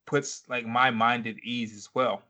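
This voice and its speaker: A man's voice: mid-range voice, steady tone, unhurried, pushed and bright. A man co-hosting a casual podcast chat, recapping a TV episode in a laid-back way and swearing freely. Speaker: podcast co-host.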